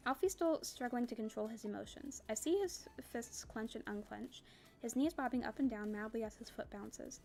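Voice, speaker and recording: A woman reading a novel aloud in a soft, quiet, subdued way. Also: fairly high pitch, a little fast, faint music behind. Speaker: audiobook reader.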